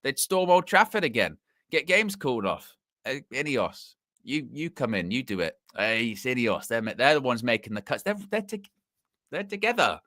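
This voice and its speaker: Host, man, bright forceful tone, dry close sound, rambling livestream chat. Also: mid-range voice, moderate pace, dry recording. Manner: rambling, animated, full of fillers and restarts. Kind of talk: casual live commentary.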